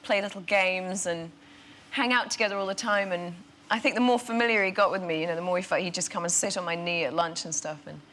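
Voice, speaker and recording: A woman guest on a talk show, telling anecdotes in an animated way. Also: on the low side, fast talker, a little hiss or hum. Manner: animated storyteller. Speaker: actress guest. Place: TV studio.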